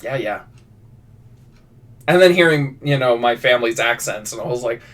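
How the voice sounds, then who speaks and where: Guy chatting on his writing stream, rambly and self-deprecating, mic a bit far off, mid-pitched. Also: expressive, normal speed, pauses often, a bit bright. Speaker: fiction writer live-streaming. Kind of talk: casual stream chat, reading prompts.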